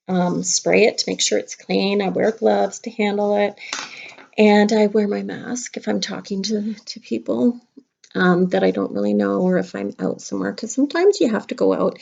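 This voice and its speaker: Chatty kindergarten teacher with a gravelly voice. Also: female voice, medium pitch, a little mellow. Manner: chatty, playful, talks straight to kids. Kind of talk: craft lesson for young children. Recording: dull lo-fi home video sound.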